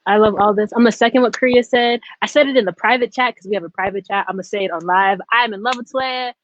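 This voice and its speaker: A woman's voice: medium pitch, fast talker, no room sound. A woman hosting an online open mic over a video call, chatting in a bubbly, effusive way between performers. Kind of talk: casual hosting chat. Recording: dry, dull lo-fi call audio.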